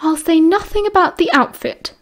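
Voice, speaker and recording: A woman reading an audiobook puts on a strict older school nurse who speaks primly and with clear disapproval, lifting her voice noticeably high. The tone stays fussy and proper throughout. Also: normal speed. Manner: prim, disapproving.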